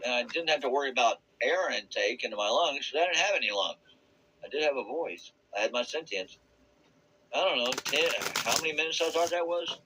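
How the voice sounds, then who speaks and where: A man giving a rambling, earnest personal testimony about a spiritual experience. He searches for words and laughs softly now and then. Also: mid-range voice, lively intonation, fairly quick, a little hiss or hum, rough recording. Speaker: vlogger sharing a spiritual experience.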